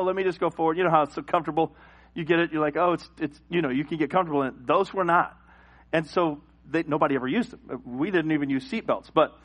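High-voiced animated preacher man. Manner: animated storyteller who acts out voices. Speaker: pastor. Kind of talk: sermon with personal storytelling. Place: church.

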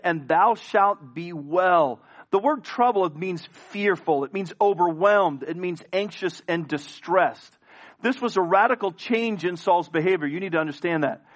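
Higher-voiced man preaching a sermon. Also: a bit bright. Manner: preaching with rising intensity, acting out biblical dialogue. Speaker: pastor.

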